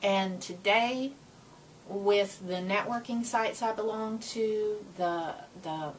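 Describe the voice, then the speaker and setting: A woman talking warmly and earnestly to her viewers in a casual, motivational way, her feelings close to the surface. Her voice sits in a middle register and comes across from a little way off the microphone. A faint hiss hangs behind it. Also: mid-range voice, takes it slowly. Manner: earnest and emotional. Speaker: Christian vlogger sharing encouragement. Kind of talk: casual motivational talk to camera. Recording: voice a bit far from the mic with faint noise.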